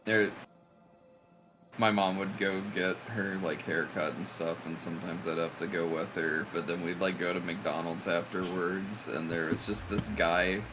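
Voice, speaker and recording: A man's voice: deep voice, steady tone, measured pace, noisy background. A man joking with a friend during a game session, often breaking into quotes and laughter. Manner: jokey, quotes lines, laughs a lot. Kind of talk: casual gaming chat.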